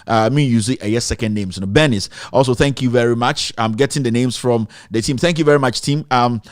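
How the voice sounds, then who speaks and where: A man hosting a live online TV show from a studio, talking in a halting way with many pauses and restarts. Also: medium pitch, dry recording. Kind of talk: live broadcast chat, thanking donors.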